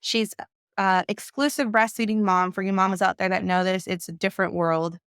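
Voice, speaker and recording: A woman coach and mother giving conversational advice, emphatic and quick to act out the voices she quotes. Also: mid-range voice, fairly even intonation, fairly bright tone, clean tone, dry recording, studio quality.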